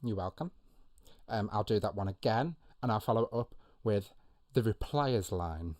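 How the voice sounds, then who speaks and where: Self-mocking low-voiced quiz host man. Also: animated, normal speed, a little mellow, no room sound. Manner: self-mocking, jokey, with many ums. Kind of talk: casual live quiz hosting.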